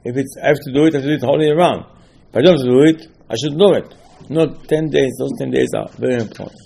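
A man's voice: mid-range voice, fast, gravelly, warm tone, breathy edge. A man gives an informal religious lesson as a rabbi. He talks emphatically, repeating key phrases and throwing out rhetorical questions. His English grammar is a little broken. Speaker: rabbi teaching a Torah class.

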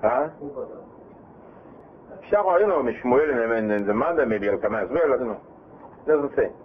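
A man teaching a Bible class, reading verses and translating them, retelling the story in a lively way with frequent self-repeats and restarts. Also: mid-range voice, moderate pace. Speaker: Torah teacher. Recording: tinny phone-like line with faint hiss.

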